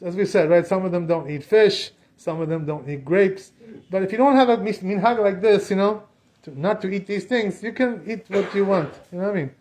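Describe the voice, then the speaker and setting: A man's voice: sits high, brisk, a little mellow. A man teaching as a rabbi in a synagogue, in a casual, chatty way, filling his talk with "you know". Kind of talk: casual spoken class.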